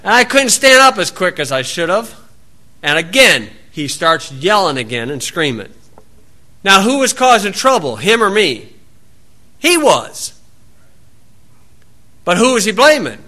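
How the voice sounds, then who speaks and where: A man's voice: high voice, big pitch swings, measured pace, long pauses, bright, forceful tone. A man preaching a sermon, reading scripture aloud and breaking in with folksy, sarcastic asides. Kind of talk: sermon, Bible reading with commentary.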